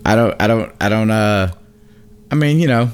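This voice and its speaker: A man's voice: on the low side, lively intonation, moderate pace, clean tone. A laid-back man chatting casually with a friend. He laughs easily and often leaves his sentences unfinished. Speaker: podcast co-host. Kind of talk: casual chat.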